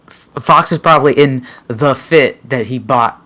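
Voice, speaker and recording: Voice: mid-range voice, measured pace, sharp tone. A player in a tabletop game, joking and laughing through casual role-play banter.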